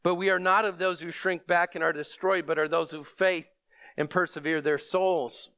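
A man delivers a sermon, earnest and steady, rising into emphatic bursts when he repeats a phrase. His voice sits a little high for a man. The sound is dry and close, with no room around it. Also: moderate pace, clear, resonant tone, dry recording. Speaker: preacher.

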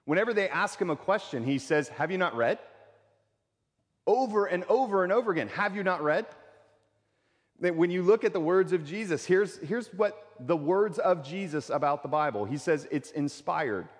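A pastor preaching a sermon in a conversational way, repeating key phrases for emphasis. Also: male voice, high-pitched, animated, fairly quick, hardly any pauses, big-room sound.

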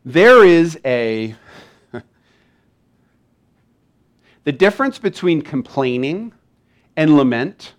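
A man's voice: fairly high pitch, takes it slowly. A man preaching a sermon in a conversational way, acting out small dialogues and reading scripture with feeling. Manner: conversational, animated, acts out little dialogues. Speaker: pastor.

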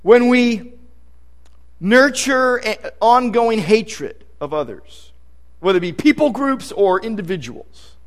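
A man's voice: sits high, expressive, slow pace. A male pastor preaching a sermon in a conversational, emphatic way, reading scripture aloud as he goes.

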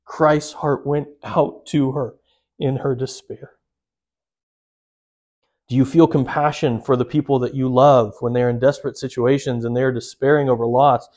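A man's voice: mid-range voice, darkish tone. A man preaching a sermon, earnest and direct, putting questions straight to his listeners. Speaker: pastor.

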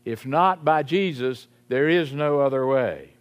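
Slow, emphatic male preacher. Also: smooth. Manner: slow, emphatic preaching, dropping low on key phrases. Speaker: pastor. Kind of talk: sermon.

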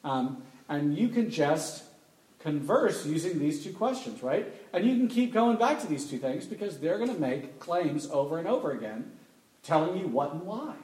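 Animated man lecturing in an echoey hall. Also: on the high side, normal speed. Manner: animated, rhetorical questions, emphatic repetition. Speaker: speaker teaching an audience. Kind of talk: live talk with call-and-response. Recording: echoey room.

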